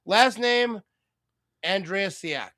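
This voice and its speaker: This male streamer has a bright, fairly high voice and speaks very slowly on a dry recording as he hosts a live game watch party. In casual commentary and chat, he rambles, jokes, and reads viewer comments aloud, then bursts into excited play-by-play on big plays.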